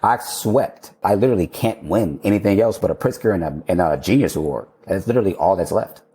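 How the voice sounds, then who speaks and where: A man, an architect and podcast guest, telling a candid, animated story in casual conversation and now and then swearing. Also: low voice, fast talker.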